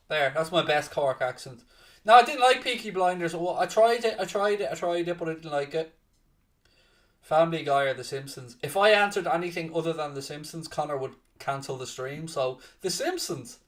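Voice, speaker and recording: A man hosting a live football watchalong, chatting casually to viewers and breaking into loud excited shouting. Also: a little high, moderate pace, far from the mic. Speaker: watchalong host and commentator. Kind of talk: casual live match commentary.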